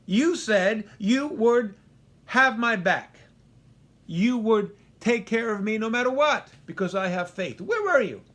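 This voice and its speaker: A man's voice: fairly high pitch, huge pitch swings, takes it slowly, long pauses, bright, forceful tone, slightly rough, heavily acted. A man doing a stubborn, indignant believer. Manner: insistent, raised and emphatic.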